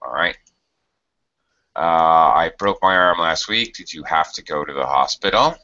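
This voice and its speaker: A low-voiced man teaches English grammar at an unhurried pace, patient and methodical, often pausing on fillers. His tone is bright and forward, and the audio is somewhat dull and lo-fi. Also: animated. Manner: slow, patient explaining with many fillers. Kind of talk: online grammar lesson.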